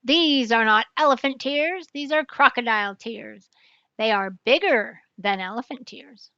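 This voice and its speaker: A woman's voice: on the high side, a little slow, sharp tone, no room sound, dull audio. Big Max, a woman reading as a sure detective. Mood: confident. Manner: confident, explaining. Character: boastful clever elephant detective, male.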